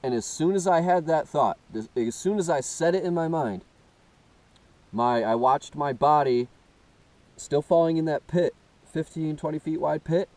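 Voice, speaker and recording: A man earnestly telling a first-person story, halting and often restarting as he searches for words. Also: fairly high pitch, a little mellow, dry recording, poor audio. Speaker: personal testimony speaker.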